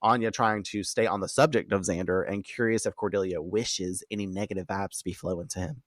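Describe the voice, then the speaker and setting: A man casually recapping a TV episode, animated and profane, often laughing and acting out characters' lines. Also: low voice, a little fast, no echo, clean studio sound. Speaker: TV episode reaction commentator.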